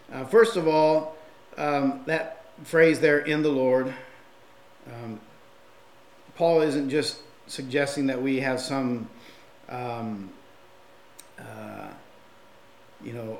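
A man's voice: fairly high pitch, echoey room, a little hiss or hum. A man preaching a sermon and reading scripture aloud, in a conversational manner with frequent fillers and restarts.

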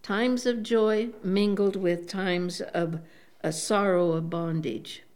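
An elderly woman delivers a sermon at a very slow, deliberate pace. Her talk is devout and unhurried, dotted with praise and soft fillers. Her pitch sits in a middle range for a woman. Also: steady tone. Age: older. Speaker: preacher.

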